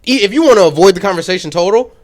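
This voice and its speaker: Higher-voiced podcast guy, blunt, teasing his buddy, acts out the quotes. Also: expressive, rapid-fire. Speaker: podcast co-host. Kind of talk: casual chat.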